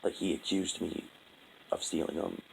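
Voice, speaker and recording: A young man telling a painful personal story in a halting, profane, heavy-hearted monologue. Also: sits low, flat delivery, gravelly, slight background noise, low-quality recording. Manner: halting, profane, full of restarts and fillers. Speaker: vlogger.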